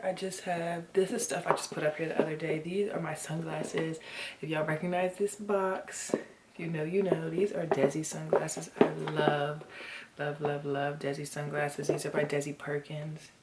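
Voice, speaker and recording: A woman in her twenties vlogging casually from her bedroom, expressive and talking straight to her viewers, sometimes dropping to a whisper. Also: low voice, very noisy. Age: 20s. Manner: expressive, talks to viewers as y'all, drops into whispers. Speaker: lifestyle vlogger. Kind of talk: casual chatty vlog talk to the camera. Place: bedroom at home, indoors.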